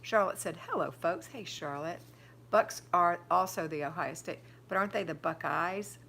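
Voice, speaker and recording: Older lady on a live chat, lowish voice, chatty and bossy with tips, faint hum behind. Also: animated, normal speed, creaky, a bit bright. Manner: chatty, reads comments aloud, gives firm advice. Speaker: livestream host answering viewer chat.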